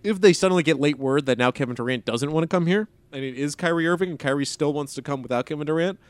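A man's voice: fairly high pitch, quick pace, clear, resonant tone, no echo. A man co-hosting a basketball podcast in casual chat, rambling with many fillers and a wry tone. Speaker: podcast co-host.

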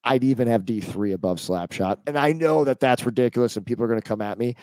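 A man's voice: mid-range voice, fast talker, darkish tone, no room sound. A man co-hosting a podcast, chatty, joking and opinionated in casual talk. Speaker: podcast co-host. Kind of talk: casual chat.

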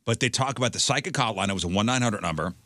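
A man's voice: fairly low pitch, very fast, fairly bright tone, no room sound, clean studio sound. A man co-hosting a radio show, animatedly recounting what he read and watched. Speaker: radio co-host. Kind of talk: casual chat.

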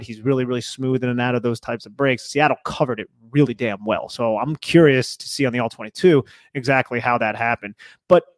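A man co-hosting a casual sports podcast, animated and conversational with a loose, filler-heavy delivery. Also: mid-range voice, no room sound, clean studio sound. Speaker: podcast co-host.

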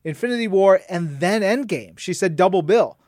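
A man's voice: animated, moderate pace, a little mellow, no room sound, clean studio sound. Playful male podcast co-host. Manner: playful, with big pitch jumps. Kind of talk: casual chat, reading listener comments.

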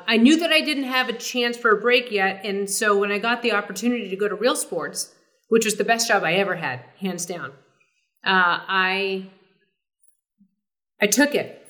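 A middle-aged woman who works as a sportscaster tells stories as a guest in a casual interview. She's animated and full of fillers and restarts, speaking in a mid-range voice.

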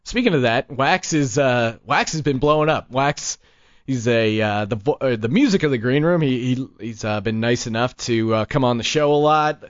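A man hosting a podcast, telling stories in casual chat, animated and often laughing. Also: mid-range voice, moderate pace, no echo. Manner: animated, laughing, many restarts. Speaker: podcast host. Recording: dull lo-fi podcast audio.

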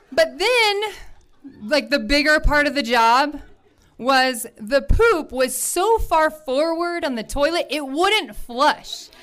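Woman with a high voice telling a funny story on stage, lots of laughing and doing voices. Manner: animated, laughs often, acts out voices. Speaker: storyteller at a live event. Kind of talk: personal storytelling to an audience.

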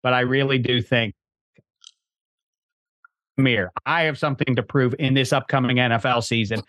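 A man's voice: medium pitch, moderate pace, dry recording. A man in his fifties co-hosting a casual sports betting podcast, joking and teasing his co-hosts. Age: 50s. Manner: animated, teasing banter. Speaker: podcast co-host.

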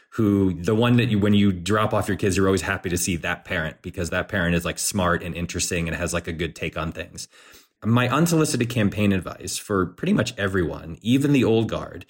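A man speaking as a guest on a political podcast, animated, acting out quoted voices, with frequent restarts. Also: low-pitched, slightly rough.

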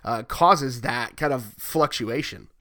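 A man's voice: mid-range voice, takes it slowly, sharp tone. A man hosting a sports podcast, chatty and joking, who asks long rambling questions. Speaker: podcast host. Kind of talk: casual sports podcast chat.

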